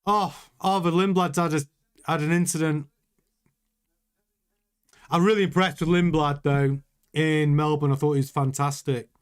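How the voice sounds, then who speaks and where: A man with a somewhat high voice runs a casual live watchalong stream. He chats loosely with his viewers, rambling and cutting himself off to restart sentences as he reacts to the action. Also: fairly even intonation, normal speed, pauses often, clean tone. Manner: chatty, rambling, self-interrupting. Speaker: livestream host reading chat.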